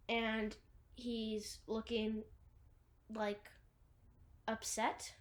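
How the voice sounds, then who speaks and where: A woman casually retelling a movie's plot, rambling with lots of fillers and restarts. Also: on the high side. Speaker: movie recapper.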